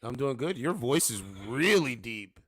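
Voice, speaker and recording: A man's voice: mid-range voice, expressive, unhurried, no echo. Rambling male livestream host, dry sound. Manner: rambling, repeats "you know what I'm saying". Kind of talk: casual livestream chat. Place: home studio with two monitors.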